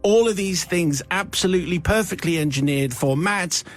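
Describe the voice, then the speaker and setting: A man's voice: high voice, normal speed, soft background music. A male radio host reading out a listener's confession, with wry, playful asides.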